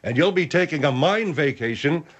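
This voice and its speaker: Man doing a fussy older guy who grumbles, slightly high voice, muffled lo-fi audio. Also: lively intonation, normal speed. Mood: grumbling. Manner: fussy, old-fashioned grumbling. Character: grumpy older man called the General.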